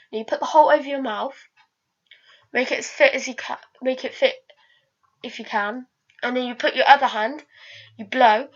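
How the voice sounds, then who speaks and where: A woman's fairly high voice comes through a dull, lo-fi recording. She rambles through a casual vlog and keeps stopping to restart her sentences, with plenty of ums and uhs in between. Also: a bit bright. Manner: rambling, hesitant, many restarts and fillers. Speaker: vlogger.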